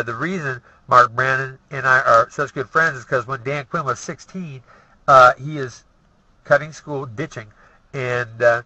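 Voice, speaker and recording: Brash, profane man with a sharp voice. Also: medium pitch, dry recording. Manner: profane, boastful, tags lines with "okay?". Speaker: storyteller. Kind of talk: rambling personal stories. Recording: dull lo-fi recording.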